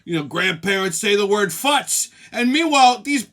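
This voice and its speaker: A man's voice: high voice, animated, moderate pace, a bit bright. A man hosting a comedic monologue show, profane and laughing at his own jokes. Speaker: host.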